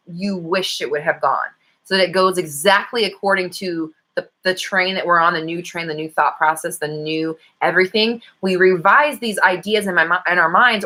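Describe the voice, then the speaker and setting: A woman's voice: fairly low pitch, sharp tone. A young woman hosting a casual live stream, reading viewer comments aloud and coaching them with playful scolding and frequent laughs. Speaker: host of a live manifesting stream.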